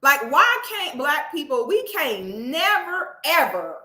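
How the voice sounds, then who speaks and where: A woman vlogger tells a story in a loud, animated, swearing and laughing way. Her voice is high, bright and lively. It rings in an echoey room. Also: takes it slowly. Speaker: vlogger host. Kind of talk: casual reaction commentary.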